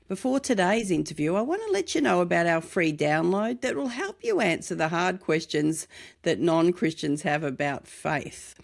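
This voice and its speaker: A woman's voice: on the low side, very animated, normal speed, gravelly. A woman hosting a podcast interview, opening with a scripted welcome and asking her guest questions in an upbeat, welcoming way. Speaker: podcast host.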